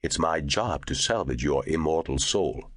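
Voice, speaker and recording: A man voicing a huge, genial angel in human form who talks in a slow, scoffing drawl. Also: a bass voice, animated, dry recording, clean studio sound, exaggerated voice.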